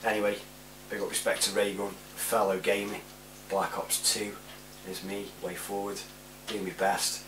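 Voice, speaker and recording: A chatty man in his forties rambles through shout-outs in a lowish voice, chuckling as he goes. He sits some way back from the mic in a roomy space, and a faint hum runs underneath. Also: flat delivery, normal speed, distant mic. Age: 40s. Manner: rambling, chatty, laughs often. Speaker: vlogger. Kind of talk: casual shout-outs monologue.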